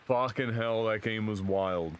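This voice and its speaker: A man's voice: on the low side, a little slow, clear, resonant tone. A man streaming a co-op game, chatting casually and reading news aloud with frequent fillers and swearing. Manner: profane, jokey, reads with frequent fillers.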